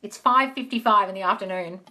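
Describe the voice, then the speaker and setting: Chatty, bright-voiced woman hosting a live stream. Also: medium pitch, a little fast. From Australia. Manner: chatty, swears casually, calls listeners darling. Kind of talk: casual live Q&A reading viewer comments.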